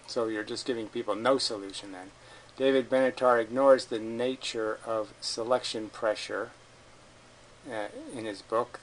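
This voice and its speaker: A man's voice: medium pitch, fairly bright tone, slight background noise, poor audio. A man giving a combative, sarcastic commentary as a video host, swearing and mocking the people he argues against. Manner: mocks opponents in put-on voices. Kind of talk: ranting commentary.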